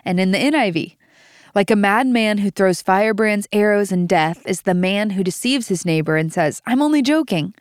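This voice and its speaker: A woman's voice: medium pitch, normal speed, clean tone, dry recording, clean studio sound. A young adult woman hosting a devotional podcast, reading scripture aloud and teaching it with earnest emphasis. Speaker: podcast host.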